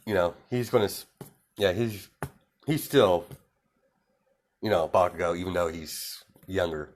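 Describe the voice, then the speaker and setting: A man's voice: sits low, a little slow, pauses often. A man casually telling an improvised story, rambling with lots of fillers and restarts.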